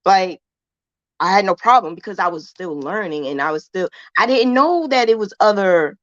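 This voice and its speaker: A woman's voice: mid-range voice, animated, normal speed, dry recording, dull audio. A woman hosting a casual crochet livestream, talking in a playful, chatty way and likening crochet hooks to a romance. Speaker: crochet host.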